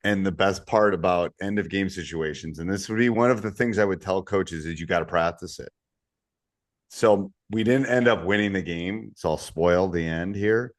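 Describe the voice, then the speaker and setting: A man with a very low voice talks through youth basketball coaching as a podcast co-host. His delivery is relaxed and story-driven, often dropping quieter for asides. The recording is dry and close. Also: moderate pace, no room sound. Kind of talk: casual podcast chat.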